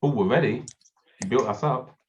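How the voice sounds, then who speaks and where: A man's voice: medium pitch, normal speed. A male host on a video call, teasing playfully and reading out viewer questions. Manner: playful teasing, laughs often. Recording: muffled video-call audio.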